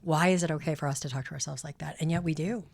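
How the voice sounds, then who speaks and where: A woman's voice: deep voice, racing, creaky, darkish tone. Encouraging woman podcast co-host. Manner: encouraging, affirming, plays out self-talk. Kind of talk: casual chat.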